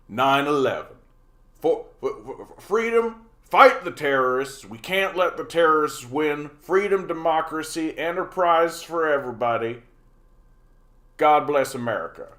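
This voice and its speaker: Man putting on a pompous slogan-shouting politician. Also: roomy sound. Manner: loud, high, sing-song slogan delivery.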